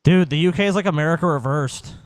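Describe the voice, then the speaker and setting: A man's voice: on the high side, fast, a little hiss or hum. A man co-hosting a podcast, making sarcastic wisecracks. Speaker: podcast co-host. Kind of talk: casual podcast chat.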